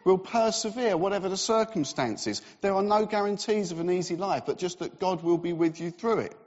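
Preacher in a reverberant hall. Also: male voice, high voice, fairly quick, a little mellow. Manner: conversational, self-deprecating preaching with fillers. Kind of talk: sermon. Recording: reverberant, slightly dull hall recording.

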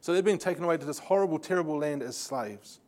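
Lively, sardonic male Bible teacher. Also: on the high side, fast talker. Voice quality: lively storytelling with laughing asides and sarcasm.

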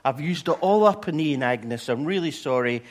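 A man's voice: fairly high pitch, lively intonation, normal speed, lightly acted. A stingy, apologetic God who claims his goodness has run out, as a preacher puts him on. The tone is mock-sorry, and the voice swoops up and down.

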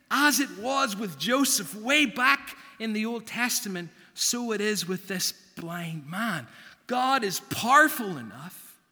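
Man preaching slowly in a reverberant church. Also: sits high, sharp tone. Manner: measured, with long emphatic pauses. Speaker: pastor. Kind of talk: sermon. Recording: long reverb of a church hall.

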